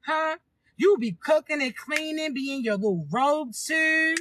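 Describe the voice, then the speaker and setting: A woman with a high, bright and cutting voice talks straight to her viewers in a casual spiritual reading. She preaches emphatically, keeps hitting them with rhetorical questions and swears without holding back. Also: unhurried. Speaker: spiritual reader addressing viewers.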